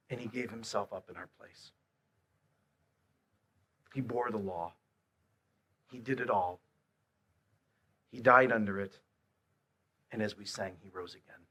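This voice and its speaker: A man preaching a sermon, swinging between hushed, quiet lines and loud, emphatic repeated questions. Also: mid-range voice. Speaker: pastor.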